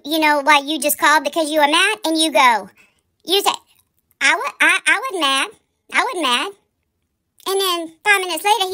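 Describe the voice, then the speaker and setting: A woman delivers a heated commentary rant, scolding and full of rhetorical questions. Her voice sits high and sounds bright and sharp. She hosts her own commentary channel.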